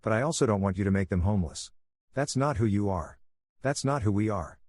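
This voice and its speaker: A man voicing a hurt but steady teenage girl who speaks quietly to her father in a spoken story. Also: lowish voice, brisk, no room sound.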